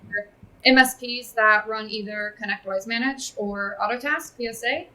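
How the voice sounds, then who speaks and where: An upbeat woman from California, a guest on a podcast. Her voice has a bright, crisp edge. She explains things fluently, with only a few ums along the way. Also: fairly high pitch, normal speed, poor audio. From California, USA. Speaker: podcast guest, software company representative. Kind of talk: casual interview chat.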